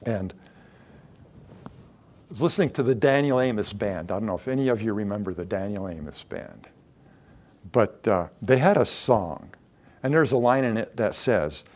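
A man's voice: lowish voice, expressive, normal speed, long pauses, darkish tone. A man preaching a conversational sermon to a congregation, growing emphatic when he acts out quoted lines.

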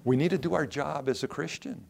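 A man's voice: a little high, brisk, gravelly. Man preaching an expository sermon. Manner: reads scripture aloud then explains it, emphatic bursts and soft asides. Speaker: pastor.

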